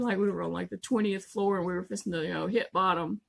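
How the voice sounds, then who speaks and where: A woman's voice: mid-range voice, steady tone, quick pace, creaky, hardly any pauses. A woman, telling a story in a chatty vlog and laughing often along the way. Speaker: vlogger.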